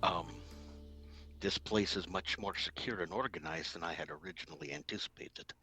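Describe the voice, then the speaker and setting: A man with a very deep yet bright, forceful voice plays a tabletop game, choosing formal, wordy phrasing between hesitant ums. Faint music runs underneath. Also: moderate pace. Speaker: player. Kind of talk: casual tabletop game play.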